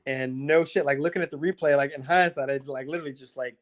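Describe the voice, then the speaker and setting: A man, a mixed martial arts fighter, telling his fight stories in a casual interview, animated and profane, with lots of filler words. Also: a little high, fast talker. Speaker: MMA fighter guest.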